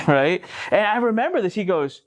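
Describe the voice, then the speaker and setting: Animated man telling a story. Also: high-pitched, unhurried. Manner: animated, swears freely, acts out voices. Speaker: guest, entrepreneur. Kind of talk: casual anecdotal storytelling.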